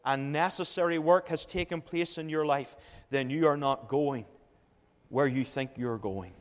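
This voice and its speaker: A man with a voice on the high side preaches as pastor at a church's young adults' conference. Emphatic, he repeats key phrases and builds toward each point, and a long reverb tail trails his words.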